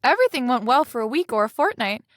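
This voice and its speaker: High-voiced woman reading a fairy tale. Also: sing-song, quick pace, no room sound, studio quality. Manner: gentle storybook narration with light character voices. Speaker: storyteller.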